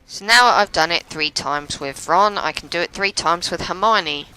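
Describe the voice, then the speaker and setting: A woman's voice: fairly low pitch, moderate pace, sharp tone, slight background noise, rough recording. A young woman giving chatty, sarcastic gameplay commentary and laughing often. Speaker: let's play commentator.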